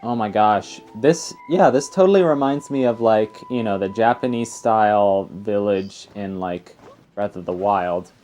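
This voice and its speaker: A young man chats his way through a let's play, wandering off on tangents and scattering fillers as he goes. His voice sits a little low and mellow, and faint game music plays underneath. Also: a little slow. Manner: rambling and chatty, full of fillers and tangents. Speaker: let's player. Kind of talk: casual gameplay commentary.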